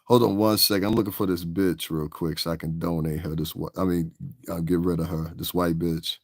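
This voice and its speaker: A man with a somewhat low voice rants on his livestream, angry and combative, swearing freely. The sound is dry, with no room echo. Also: flat delivery, a little fast. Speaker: livestream host. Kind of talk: casual livestream rant.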